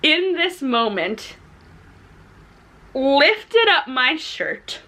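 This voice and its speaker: A young woman tells a storytime story straight to camera. She talks in an animated, chatty way with plenty of "like"s. Her voice is bright and sits a little high. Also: slow pace, pauses often. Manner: animated, chatty, says "like" often; laughs while telling the story. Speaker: vlogger. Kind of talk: storytime vlog.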